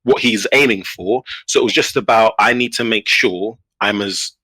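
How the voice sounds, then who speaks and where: A man telling a story in a casual podcast chat, animated, with many restarts. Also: fairly low pitch, moderate pace, no echo, rough recording. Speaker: guest player.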